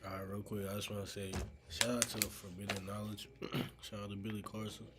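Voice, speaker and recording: Laid-back male vlogger with a low, flat voice and noise audible behind him. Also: a little fast. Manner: laid-back, slangy, swears. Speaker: reaction video creator. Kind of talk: casual reaction vlog.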